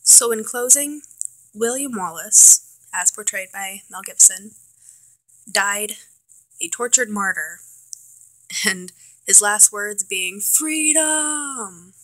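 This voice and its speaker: A woman's voice: mid-range voice, takes it slowly, pauses often, pushed and bright, dry recording, rough recording. A young woman giving a casual film review for a vlog, chatty and full of fillers, with wry self-mocking asides. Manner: chatty, filler-heavy, trailing restarts. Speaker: student vlogger.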